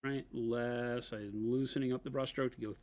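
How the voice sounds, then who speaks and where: A man's voice: mid-range voice, fairly even intonation, normal speed, a little mellow. Laid-back man explaining his painting. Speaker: painting instructor. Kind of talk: casual painting demo chat.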